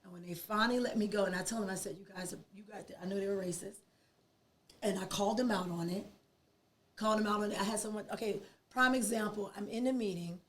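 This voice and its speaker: A woman, a podcast guest telling a personal story in an animated, emphatic way. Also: mid-range voice, fast talker. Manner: animated, emphatic, acts out quoted dialogue.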